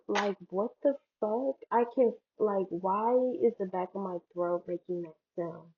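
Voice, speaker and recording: This young vlogger speaks at a measured pace, her voice slightly rough, as she chats casually and rambles through jokes, fillers and digs at herself. The audio comes from a tinny, low-quality headphone mic.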